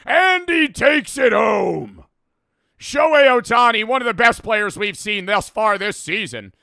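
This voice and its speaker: A man's voice: high voice, lively intonation, a little slow, gravelly, pushed and bright, dry recording, clean studio sound, voice pushed up, full character voice. A man putting on an overblown, obnoxious sports announcer voice, pompous and theatrical. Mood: mock hyped.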